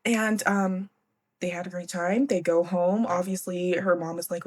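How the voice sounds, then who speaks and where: A woman's voice: fairly low pitch, steady tone, moderate pace. A young woman hosting a book podcast, chatty and giggly, casually swearing as she recaps a classic novel.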